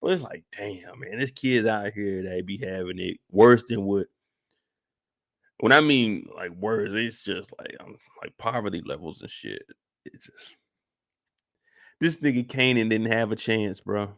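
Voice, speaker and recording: A man's voice: lowish voice, a little slow, gravelly, a bit bright. A man hosting a live after-show, recapping an episode in casual, slangy, emphatic talk. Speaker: show host.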